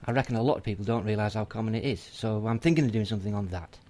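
A man's voice: fairly low pitch, racing, a little mellow, natural voice. An actor with a Northern English accent playing a sardonic young student explaining his plans. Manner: dry, sardonic. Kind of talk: scripted educational drama.

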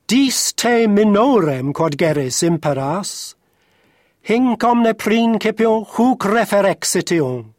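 A man reading poetry aloud in a measured, rhythmic recitation. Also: sits high, lively intonation, dry recording, clean studio sound. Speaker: reader of verse.

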